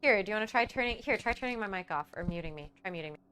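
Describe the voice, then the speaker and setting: A woman's voice: mid-range voice, lively intonation, racing, a bit bright, slight background noise. A woman co-hosting a stream in casual chat, giggly and prone to exclamations.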